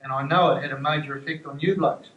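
A man speaks earnestly to his team in a slightly raised voice, slowing down to ask rhetorical questions. The archival recording is dull and muffled, with a roomy echo. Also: a little high, steady tone. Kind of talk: archival speech.

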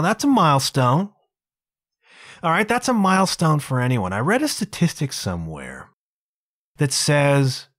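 Animated chatty male podcast host. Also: mid-range voice, no echo, studio quality. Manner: chatty, animated, full of asides like "man" and "you know". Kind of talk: casual solo podcast monologue.

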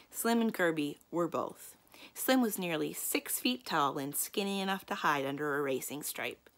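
Creaky-voiced librarian reading aloud. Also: female voice, lowish voice. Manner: calm, inviting storyteller. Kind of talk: reading a children's book aloud.

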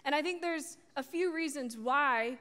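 A young woman speaks in a high, lively voice, telling a story from her own life as part of a sermon. She acts out the back-and-forth with her family, then turns it to her listeners. A long reverb trails her words, as in a large hall. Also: a little slow. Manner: animated storytelling, acting out family dialogue. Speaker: youth speaker.

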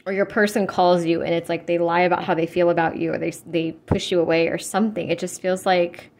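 A young woman giving a casual tarot reading, chatty and full of fillers, blunt and quick to swear. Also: lowish voice, flat delivery, a little mellow. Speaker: tarot reader.

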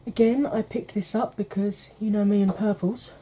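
A woman chatting casually as a beauty vlogger, easygoing and quick to laugh, with the odd mild swear. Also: medium pitch, fairly even intonation, mellow, breathy edge. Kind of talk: casual makeup declutter chat.

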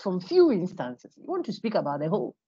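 Low, husky woman lecturing. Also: huge pitch swings, fairly quick, dark tone, dry recording. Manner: emphatic, asks the class rhetorical questions. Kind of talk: online lecture. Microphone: computer microphone on a video call. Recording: dull, lo-fi online call audio.

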